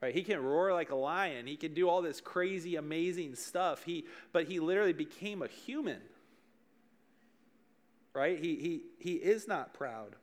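A man's voice: on the high side, moderate pace. A young man preaching as a youth pastor, talking casually, joking, and asking his listeners questions. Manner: joking, conversational, addresses the room directly.

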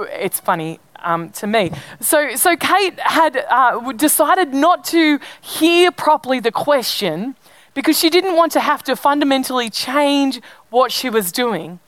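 A woman's voice: on the high side, no room sound. A middle-aged woman pastor, telling a family story in a sermon in a chatty way, with fillers and restarts.

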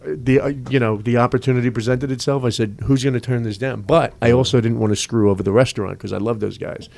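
A man telling a story on a casual podcast, quick, swearing, and acting out the lines people said to him. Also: medium pitch, fairly even intonation, creaky, darkish tone. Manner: rapid, swearing anecdotes with quoted dialogue. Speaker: DJ guest.

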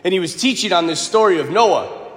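Priest type, man, lively pitch, throat-clearing storyteller, roomy church sound. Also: fairly quick. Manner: animated, joking storyteller. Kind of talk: homily. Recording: echoey hall with long reverb.

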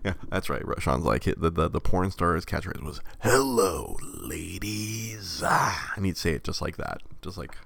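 Very deep, gravelly, young man, casual podcast chat, rambling, many restarts. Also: a little fast, hardly any pauses, a bit bright, no room sound. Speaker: podcast co-host.

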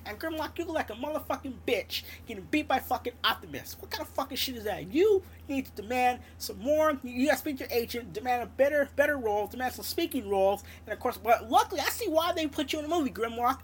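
A woman's voice: high voice, lively intonation, fast, hardly any pauses. A woman delivering a heated, sarcastic, heavily profane movie rant on her audio show, with many restarts.

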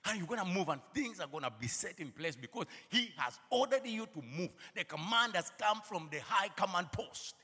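A man preaching a sermon, saying "you know" often, laughing between phrases and rising to shouted calls at his peaks. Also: sits high, lively intonation, normal speed, few pauses, husky. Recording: long hall reverb.

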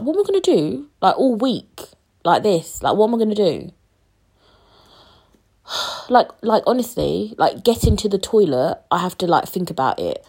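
A woman's voice: mid-range voice, a little mellow. Downcast young woman venting. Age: 20s. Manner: rambling, swears freely, many fillers. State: sick, drowsy and upset. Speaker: podcast host. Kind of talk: casual solo podcast chat.

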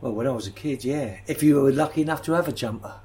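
A man's voice: medium pitch, quick pace, warm tone, natural voice. A man with a London accent playing an elderly retired footballer in an improvised comic interview, hesitant and repeating himself, in a mildly put-on posh voice. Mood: deadpan. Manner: hesitant, repeats words, dry understatement. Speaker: guest.

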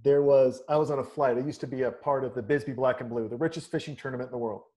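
A man's voice: medium pitch, fairly even intonation, quick pace, warm tone. Easygoing man telling a story. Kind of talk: casual storytelling chat.

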